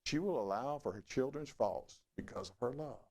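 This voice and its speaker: A middle-aged man preaching a sermon in a folksy, conversational way. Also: moderate pace. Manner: folksy, conversational preaching with lively swings in pitch. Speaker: pastor.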